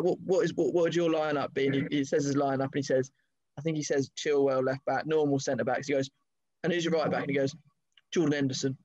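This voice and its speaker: A man's voice: a little high, a little mellow, no echo, muffled recording. A man, chatting casually about football over a video call in a matter-of-fact way. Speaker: podcast co-host. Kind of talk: casual chat.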